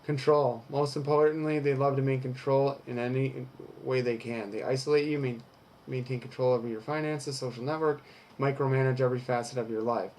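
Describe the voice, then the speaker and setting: A young man with a medium-pitched, darkish voice records a candid personal vlog, with slight noise in the background. He reads from an article, then talks it over frankly, swearing now and then.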